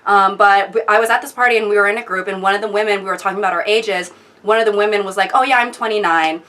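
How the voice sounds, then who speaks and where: A young adult woman hosting a comedic commentary video, sarcastic, animated and exasperated. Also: mid-range voice, racing. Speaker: video host.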